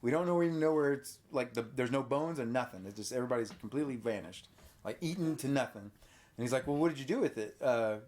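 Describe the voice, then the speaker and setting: A man's voice: medium pitch, quick pace. A man hosting a casual podcast, animatedly retelling a horror movie to a child and acting out bits of it. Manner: animated retelling, acts out characters with yelps. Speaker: podcast host.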